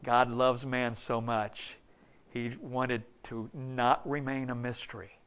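A man in his fifties preaching a folksy, story-filled sermon, dropping to a hush and then rising loud and high. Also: flat delivery, takes it slowly, clear, resonant tone. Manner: folksy, storytelling, swings between hushed and loud.

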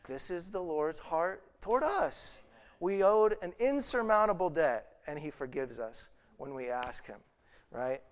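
A young man delivers an earnest sermon in a mid-range voice. He retells a parable and slips into pleading voices for its characters. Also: mid-range voice. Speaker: preacher.

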